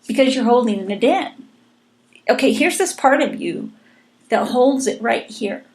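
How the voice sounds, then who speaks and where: Earnest woman podcast host, slightly high. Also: animated, a little slow. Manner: earnest, encouraging, repeats words. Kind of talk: casual chat.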